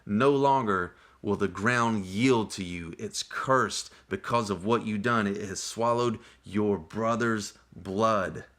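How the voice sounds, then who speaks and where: A man walks through a scripture passage in a relaxed, unhurried teaching style. His voice sits a little low, and he keeps the talk conversational and earnest, breaking in with short exclamations. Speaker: Bible teacher. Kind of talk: casual Bible study teaching.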